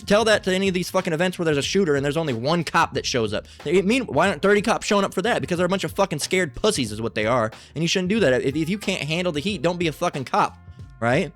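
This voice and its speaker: Fast-talking guy ranting and swearing, kinda high voice, music faint behind. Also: expressive, fairly bright tone. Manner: profane, ranting, restarts often. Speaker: channel host. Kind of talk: angry commentary on a clip. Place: lives in Las Vegas.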